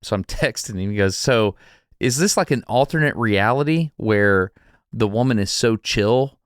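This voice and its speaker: A man co-hosting a podcast, telling an anecdote in a casual, animated way, laughing and restarting as he goes. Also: lowish voice, moderate pace, clear, resonant tone, no room sound, studio quality. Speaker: podcast co-host. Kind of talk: casual storytelling chat.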